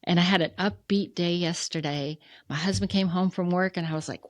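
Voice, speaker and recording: A middle-aged woman from the United States talks candidly in a low voice, with feeling, and acts out the voices of the people in her story. The sound is close and dry, with no room echo. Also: fairly quick, few pauses. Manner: emotional, animated, acts out quoted dialogue. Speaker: podcast guest, funeral museum president.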